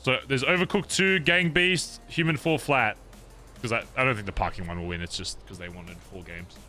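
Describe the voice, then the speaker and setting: A man's voice: medium pitch, moderate pace, pushed and bright, soft background music. A man streaming and chatting casually with his viewers, rambling with plenty of swearing and fillers.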